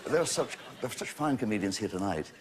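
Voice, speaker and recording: Comic with booming audience laughter. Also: male voice, lively intonation, heavy background noise. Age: 60s. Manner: quick, mocking, building to punchlines. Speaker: comedian host. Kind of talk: stand-up comedy routine. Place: TV studio with a live audience. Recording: loud audience laughter behind.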